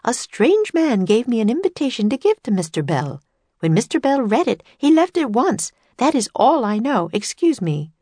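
A woman voicing a polite, formal gray-haired older woman at a fair, speaking crisply and courteously. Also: a little high, very animated, moderate pace, mellow, no room sound, pitched above the performer's own voice. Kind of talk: storybook character voice.

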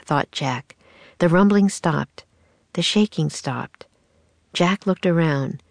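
A woman narrating a children's storybook in a steady, measured way. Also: low voice, creaky, no echo. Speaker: audiobook narrator.

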